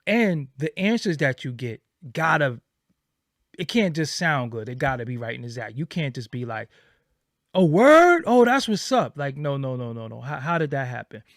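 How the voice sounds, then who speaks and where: A man's voice: medium pitch, moderate pace, gravelly, a bit bright, no room sound, clean studio sound. A man talking as an interviewer and commentator, giving casual opinion commentary in an emphatic, repetitive way. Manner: emphatic, repetitive, acts out quoted reactions.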